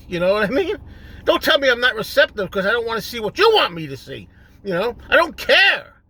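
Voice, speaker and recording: A middle-aged man hosting a solo rant video, exasperated and repetitive, building up to shouting. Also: very high voice, big pitch swings, fairly quick, breathy edge.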